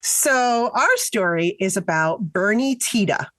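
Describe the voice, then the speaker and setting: Animated woman co-hosting a podcast. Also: medium pitch, takes it slowly. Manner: animated storyteller, laughs often. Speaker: podcast co-host. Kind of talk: casual true-crime chat.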